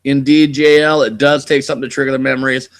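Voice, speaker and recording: A man's voice: medium pitch, flat delivery, fast talker. A man from California hosting a casual live stream, telling rambling stories and swearing a lot. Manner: rambling, laid-back storytelling with frequent swearing. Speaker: channel host. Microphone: desk mic.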